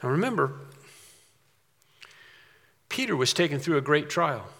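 A man's voice: a little high, big pitch swings, vocal fry. Man preaching in an echoing hall. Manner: preaching with sudden loud emphatic swells and slowed, drawn-out phrases. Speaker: pastor. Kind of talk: sermon.

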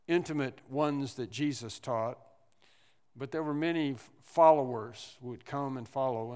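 A man's voice: mid-range voice, smooth. Preaching man in a reverberant hall. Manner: animated preaching with repetitions and acted-out quotes. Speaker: pastor. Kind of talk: sermon.

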